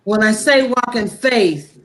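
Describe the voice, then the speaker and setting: Slow and deliberate, this woman delivers an impassioned, preachy talk-show speech about faith, dropping frank profanity along the way. Her voice is a little high and a bit bright, and the tone is heartfelt.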